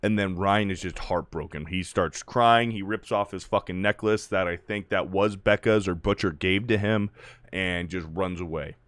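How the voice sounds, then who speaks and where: A man's voice: low-pitched, fairly even intonation, normal speed, a bit bright, dry recording. A man giving a casual, profanity-heavy spoken review and loosely recapping a plot as the channel's host. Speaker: video reviewer.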